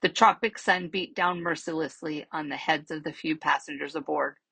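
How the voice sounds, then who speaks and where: A woman reading a children's novel aloud as a library storyteller, steady and measured, with soft trailing endings. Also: deep voice, gravelly, slightly rough, no echo, poor audio.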